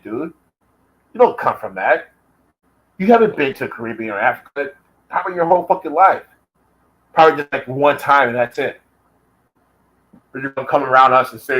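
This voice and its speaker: A man's voice: mid-range voice, moderate pace, long pauses, fairly bright tone, low-quality recording. An American man delivering an angry, profane vlog rant, taunting and calling out his target directly. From United States. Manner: profane and confrontational. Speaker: vlogger.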